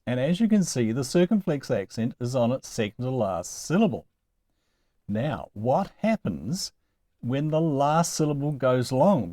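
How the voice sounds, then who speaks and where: A man talks through a lesson at an unhurried pace, his pitch rising and falling a great deal. His voice has a mellow, dark tone, and the sound is dry and close. He keeps asking gently wry rhetorical questions. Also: no echo. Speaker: Greek teacher. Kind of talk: recorded lesson, explaining slowly.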